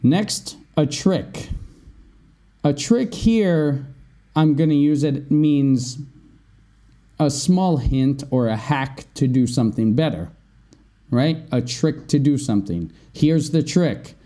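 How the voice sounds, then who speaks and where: Slow, mellow-voiced male English teacher. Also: on the high side, animated. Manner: explains slowly, often asks "right?". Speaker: English teacher, podcast host. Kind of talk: vocabulary lesson.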